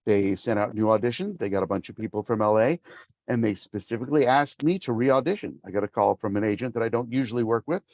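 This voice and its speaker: A middle-aged male voice actor telling stories as an interview guest, lively and acting out quoted voices. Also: on the low side, fast talker, highs cut off. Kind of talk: casual interview storytelling.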